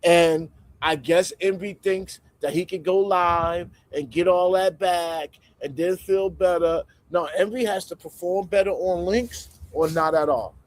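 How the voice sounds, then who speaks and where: High, animated male livestream commentator. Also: measured pace, dry recording, low-quality recording. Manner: animated and conversational, swings between loud emphasis and muttered asides.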